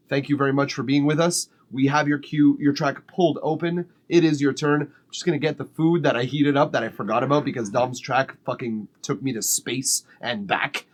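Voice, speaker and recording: A man hosting a music feedback livestream, chatting casually and swearing freely while he eats. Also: medium pitch. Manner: relaxed, chatty, swears casually, laughs often. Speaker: music feedback stream host. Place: home studio.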